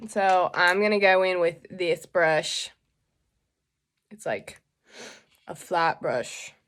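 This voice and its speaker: A woman's voice: on the low side, slow, fairly bright tone. A young woman hosting a casual makeup tutorial, chatty and joking as she explains each step.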